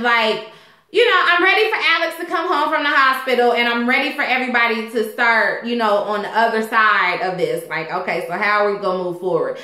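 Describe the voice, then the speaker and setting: A woman casually recapping a TV episode, chatty and animated, acting out the characters and a little tipsy. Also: mid-range voice, roomy sound. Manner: chatty, animated, loud quoting of characters, frequent laughs. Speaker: TV recap host.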